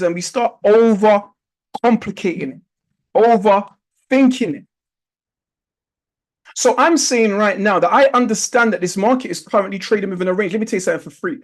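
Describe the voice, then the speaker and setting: A man's voice: sits high, rough recording. A man teaching an online trading lesson over a video call, coaching in a repetitive, coaxing way with rhetorical questions. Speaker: trading instructor.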